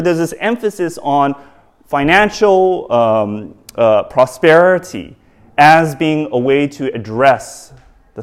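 A man preaching a sermon, halting, with many fillers and restarts and rhetorical questions to the audience. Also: on the high side.

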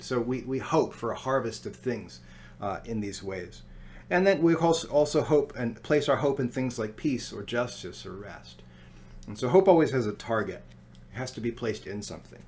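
A man preaching a sermon in a relaxed, conversational way, with asides and filler words. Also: mid-range voice, a little hiss or hum. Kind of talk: sermon teaching on scripture. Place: lives in Scotland.

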